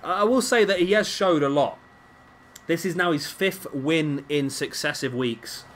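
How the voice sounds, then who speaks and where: A man hosting a gaming channel, giving excitable let's-play commentary on a wrestling game and urging the wrestlers on aloud. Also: a little high, a little slow, soft background music.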